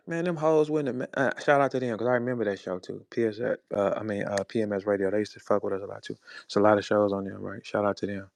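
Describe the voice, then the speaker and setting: This St. Louis man in his forties, a battle rap personality and show host, unleashes a profane, mocking, heated monologue. He speaks quickly in a gravelly, fairly low voice with fairly even intonation, recorded with no room sound.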